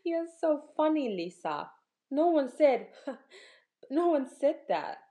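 A woman's voice: sits high, lively intonation, moderate pace, mellow, voice pushed up. A woman voicing a young girl who speaks in a raised, girlish voice. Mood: teasing. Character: young girl Mika, calm then startled.

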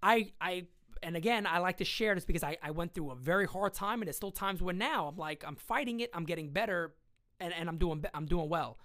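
A man co-hosting a casual sports podcast, talking in an animated way and jumping up in pitch when he gets excited. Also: a little fast. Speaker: podcast co-host.

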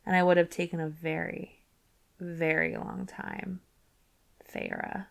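A woman reading the part of a half-wild male fae lord in a low, slow, hushed voice. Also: little pitch movement, creaky. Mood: hushed menace.

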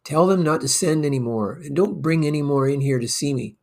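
A man voicing a busy male stockbroker who talks in a rushed, urgent way. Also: vocal fry. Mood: impatient. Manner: rushed, rising pitch when proposing.

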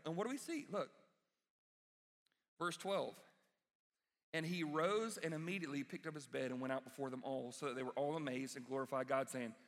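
A man preaching a sermon as pastor, animated and emphatic, acting out the voices of the people he quotes. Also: fairly high pitch. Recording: reverberant hall.

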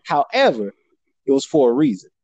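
A man's voice: mid-range voice, moderate pace, dry recording, muffled recording. A young man casually telling a story, animatedly acting out the people he quotes. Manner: animated, acts out quotes with shifting voice.

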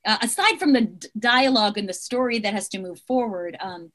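A middle-aged woman, an actress guest, chatting casually over a video call, lively and full of fillers and restarts. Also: mid-range voice, a little fast. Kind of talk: casual interview chat.

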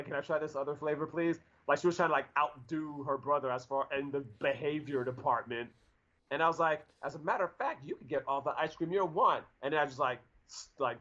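Guy in his 40s rambling through a story, lots of um and like, kinda muffled audio. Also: a little high. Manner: rambling, animated, lots of fillers and restarts. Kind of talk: casual storytelling chat. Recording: dull lo-fi audio.

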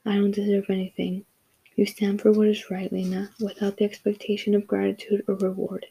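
A woman voicing a kind, firm middle-aged father in a story, calm and gently firm. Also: medium pitch, fairly quick, vocal fry, breathy edge, poor audio.

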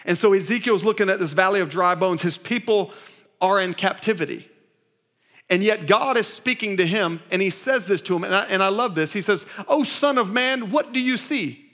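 Man, pastor, sermon, high pitched voice, call-and-response with the church, emphatic repetitions. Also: brisk, a bit bright. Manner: emphatic, repeats phrases and restarts. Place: church service.

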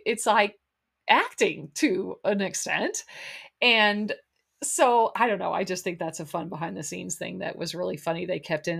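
A woman's voice: medium pitch, a bit bright. A woman hosting a casual solo recap podcast, chatting in a rambling way with lots of fillers. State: a little out of breath. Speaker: podcast host.

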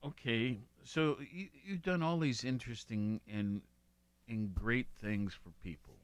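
A man hosting an interview, asking questions in a halting way, with many fillers and restarts. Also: medium pitch, clear, resonant tone, no room sound. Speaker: interviewer, host.

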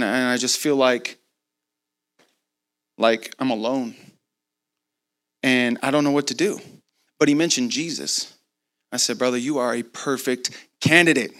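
A man preaches a sermon, animatedly telling a story and voicing both sides of the conversation, with laughs along the way. His voice is medium in pitch, his pace measured, with long pauses.

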